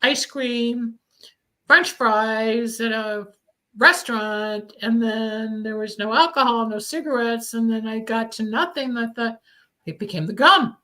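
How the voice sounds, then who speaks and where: A woman's voice: fairly high pitch, measured pace, bright, forceful tone, rough recording. A woman hosting a radio talk show, speaking candidly and rambling through a casual conversation about recovery, with a cough now and then. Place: studio in Los Angeles.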